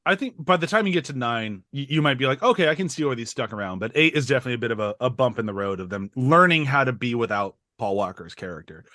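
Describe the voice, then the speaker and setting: A man co-hosting a podcast, rambling eagerly through a film with plenty of "like" and "um." His voice is mid-pitched and sits close and dry on the mic. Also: animated, quick pace, few pauses, bright, forceful tone, dry recording. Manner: rambling, filler-heavy, enthusiastic. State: over-caffeinated. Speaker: podcast co-host. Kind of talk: casual movie discussion.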